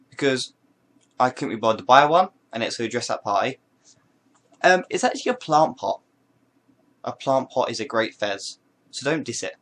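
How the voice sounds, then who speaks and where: A man's voice: medium pitch, a bit bright. Jokey man showing off hats. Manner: playful, rambling, jokey asides. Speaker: vlogger. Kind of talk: casual show-and-tell to camera.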